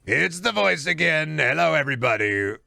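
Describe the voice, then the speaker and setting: A man's voice: a little high, lively intonation, moderate pace, vocal fry, bright, forceful tone, dry recording, clean studio sound, exaggerated voice. A man doing an impression of a boastful, pompous middle-aged male politician who repeats himself and praises himself. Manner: bragging, repetitive, self-praising.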